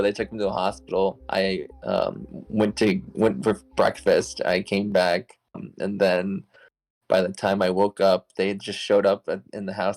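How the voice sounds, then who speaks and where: Rambly low-voiced young man. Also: darkish tone, rough recording. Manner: rambling, heavy on "like" fillers, swears; laughs while telling. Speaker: guest telling his story. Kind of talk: casual storytelling.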